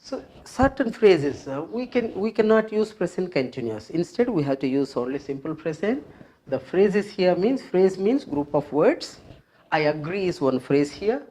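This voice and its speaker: An English grammar teacher explaining a rule at the board, patiently repeating each phrase and example several times and pausing often with fillers. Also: medium pitch, sing-song, dark tone. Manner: explains step by step with frequent fillers. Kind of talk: classroom grammar lesson at a board.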